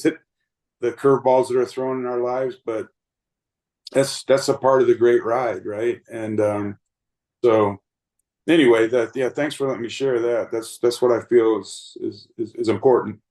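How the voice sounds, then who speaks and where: Man, late 50s, umpire guest; earnest, rambling storyteller, mid-pitched everyday voice. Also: fairly even intonation, normal speed, darkish tone, low-quality recording. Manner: earnest, rambling, lots of fillers and restarts. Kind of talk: reflective storytelling interview.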